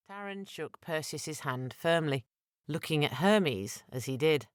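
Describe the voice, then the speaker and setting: Audiobook narrator, woman, deep register, measured delivery, dry studio sound. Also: lively intonation, smooth, dry recording. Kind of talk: scripted narration.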